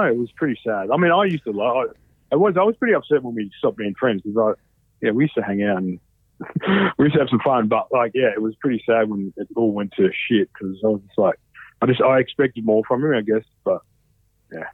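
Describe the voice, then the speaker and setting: Here a thirtysomething guest with an Australian accent rambles through his stories fairly quickly, his husky voice at medium pitch. He curses often and leans on fillers in this casual chat, recorded dry and phone-like with no room sound.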